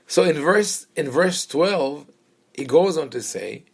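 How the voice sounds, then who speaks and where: A man, a rabbi, teaching a conversational Bible class to a small group, thinking aloud with many pauses and fillers and making wry asides. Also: a little high, animated, gravelly, breathy edge.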